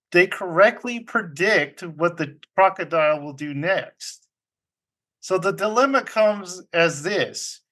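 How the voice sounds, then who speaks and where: A man hosting a casual group podcast, telling puzzles to his friends in an unhurried way and laughing often. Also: high voice, fairly bright tone. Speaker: podcast host.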